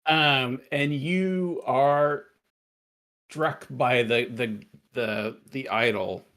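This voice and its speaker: A man's voice: mid-range voice, a bit bright. A man running a tabletop game as game master, often restarting his sentences. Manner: halting, many restarts.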